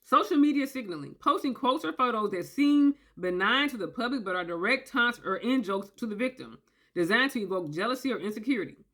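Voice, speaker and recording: Woman talking straight to camera, kinda high voice, emphatic, keeps saying okay?. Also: animated, a little fast, fairly bright tone. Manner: emphatic, acts out quoted voices, frequent "okay?" check-ins. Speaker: commentator on narcissistic abuse. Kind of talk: casual talking-head explainer.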